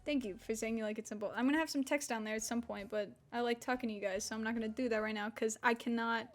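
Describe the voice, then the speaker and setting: A woman's voice: a little high, steady tone, quick pace. A young woman around twenty from Mississippi, chatting casually on a stream, rambling, swearing and laughing, with an unusual slack-jawed accent. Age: about 20.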